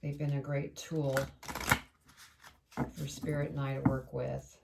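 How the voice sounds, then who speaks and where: Speaking slowly to camera, a tarot reader gives a casual reading that meanders from thought to thought, chatting and addressing spirit aloud between cards. Her low voice has a gravelly edge, captured from a distance with a clear layer of background noise.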